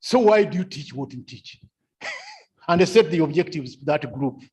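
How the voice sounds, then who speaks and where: A man's voice: on the high side, lively intonation, normal speed, darkish tone, breathy edge, lo-fi sound. A man giving a seminar lecture, repeating key phrases and asking rhetorical questions. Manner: repetitive, rhetorical questions, chuckles often. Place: seminar room.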